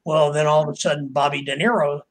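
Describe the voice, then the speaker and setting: An older writer, guest on a podcast interview, tells long rambling anecdotes full of fillers, restarts, and acted-out quotes of other people. His voice is fairly high and flat, and he talks fast. The recording is rough, with a little hiss or hum.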